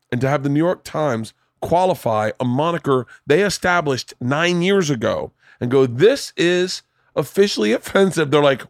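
A man who is a comedian, a guest on a podcast, chatting casually in an excitable, rambling way with plenty of swearing. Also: fairly high pitch, dry recording, clean studio sound. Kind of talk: casual chat.

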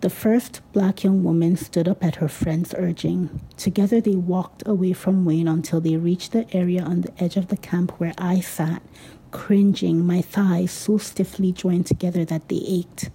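A woman reads a novel aloud in a measured, descriptive way. Her voice sits a bit low, with a dark, husky tone. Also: fairly even intonation, low-quality recording. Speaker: narrator. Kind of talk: audiobook narration.

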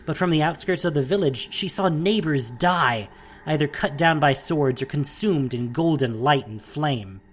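A narrator reading a fantasy audiobook in a steady, dramatic storytelling manner. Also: mid-range voice, normal speed.

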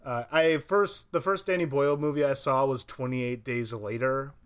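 A man's voice: medium pitch, fairly even intonation, moderate pace, clean tone. A man co-hosting a casual film podcast, teasing his co-hosts in a dry, mock-indignant way. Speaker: podcast co-host.

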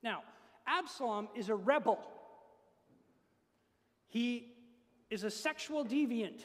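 High-voiced preacher in a reverberant hall. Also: male voice. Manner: earnest, builds to emphatic peaks. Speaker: pastor. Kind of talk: sermon. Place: church. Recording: long reverb of a church hall.

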